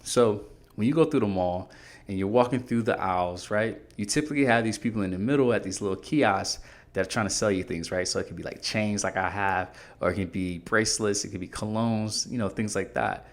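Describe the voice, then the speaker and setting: A man's voice: on the low side, a little fast. A man hosting a podcast, coaching listeners in an earnest, direct way. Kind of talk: motivational podcast talk.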